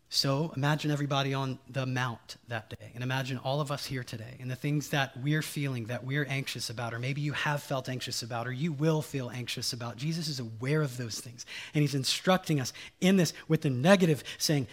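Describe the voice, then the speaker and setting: A man's voice: mid-range voice, a little fast, few pauses. A man preaching a sermon as pastor, emphatic and informal, repeating key lines and quizzing the congregation. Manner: folksy, informal asides.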